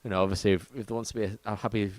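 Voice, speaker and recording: Fast-talking rambling man, dry sound. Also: fairly low pitch, dry recording. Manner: rambling, animated, swears freely, many restarts. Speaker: podcast guest, ticketing business manager. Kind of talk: casual chat.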